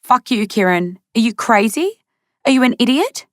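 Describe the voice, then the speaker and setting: A woman's voice: mid-range voice, normal speed, no echo, studio quality, close to an everyday voice. A woman voicing a distressed, angry young woman who speaks urgently. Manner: urgent, emotional.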